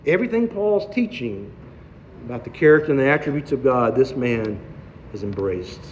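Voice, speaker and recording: A man's voice: medium pitch, sing-song, normal speed, a little hiss or hum. A male preacher giving an expository sermon, posing rhetorical questions and driving points home by repetition. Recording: dull sound with long hall reverb.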